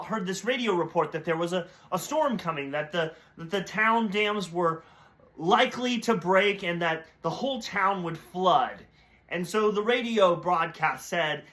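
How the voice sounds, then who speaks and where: Male preacher, high bright voice, storytelling devotional talk. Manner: storytelling with brief voiced characters. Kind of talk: short devotional sermon with a told story.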